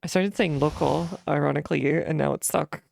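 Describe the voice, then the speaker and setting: Gravelly low-voiced woman streamer. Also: steady tone, a little fast, darkish tone, slight background noise. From New Jersey. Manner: chatty and rambling, heavy on "like" and "uh". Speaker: game streamer. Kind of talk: casual gaming commentary. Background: game music.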